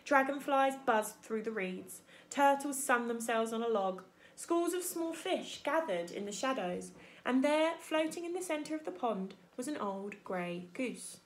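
A woman teacher reading a children's book aloud in an expressive storytelling manner. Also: fairly high pitch, unhurried. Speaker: primary school teacher.

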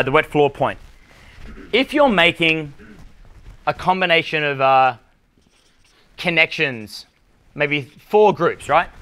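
A man's voice: fairly high pitch, a bit bright. A man with an Australian accent coaching a live seminar audience on dating, talking bluntly and swearing freely. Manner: blunt, profane, punchy delivery. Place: conference room with live audience.

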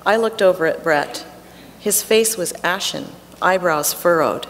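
A middle-aged woman reading her own personal story aloud on a theatre stage in a measured, earnest way. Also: fairly low pitch. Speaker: reader of a personal essay. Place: theatre stage before an audience. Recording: theatre hall reverb with faint noise.

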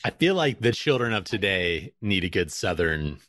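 Man with a very deep voice, dry close sound, bantering podcast co-host. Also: big pitch swings, moderate pace, bright, forceful tone, dry recording. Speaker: podcast co-host, dental hygienist. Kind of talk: casual chat.

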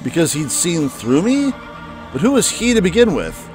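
A man's voice: fairly high pitch, big pitch swings, moderate pace, darkish tone, soft background music. A man reading a wounded young man's first-person narration aloud from a visual novel, in a plain, lightly dramatic way.

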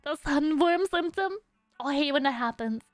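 A woman's voice: high-pitched, moderate pace, no room sound, soft background music. A young woman streaming a game, chatting playfully with her viewers and humming little tunes between lines. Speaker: VTuber streamer. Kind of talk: casual gameplay commentary.

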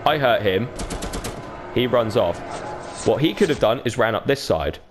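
A man's voice: medium pitch, animated, normal speed, music in the background. A man giving casual, profanity-heavy commentary over his own gameplay, with a laid-back manner. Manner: laid-back, swears a lot, mimics others. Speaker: gaming YouTuber. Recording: noticeable background noise.

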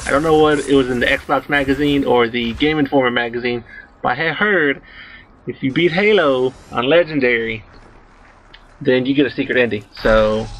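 A man in his twenties rambling through a story while commenting on his gameplay, excitable and swearing freely. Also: mid-range voice, a little hiss or hum, poor audio. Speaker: let's play host.

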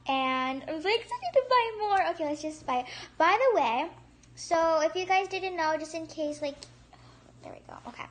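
A woman hosting a casual gameplay commentary, excitable and chatty, gasping and squealing at surprises and rambling with restarts. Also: very high voice, normal speed. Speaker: gaming channel host.

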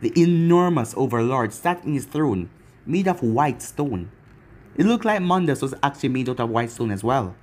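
A man's voice: medium pitch, sing-song, moderate pace, darkish tone. A man narrating a fan-written story in a plain, running style. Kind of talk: fan fiction story reading.

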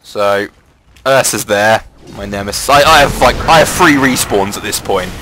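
Narrating a replay of one of his online matches, this man is loose and excitable, cursing freely and spiking in pitch when the big moments hit. His pace is moderate, and the background is noisy.

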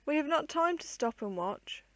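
A woman reading aloud, voicing a brisk older sister speaking in a half-careless tone, in a dry room. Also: sits high, expressive, dry recording, voice pushed up. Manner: brisk, offhand.

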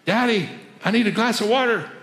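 A man's voice: sits high, brisk, vocal fry, a bit bright, slight background noise, pitched above the performer's own voice. A man voicing a small boy who keeps pestering his father at bedtime with pleading requests, in a roomy echo. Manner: pleading, insistent.

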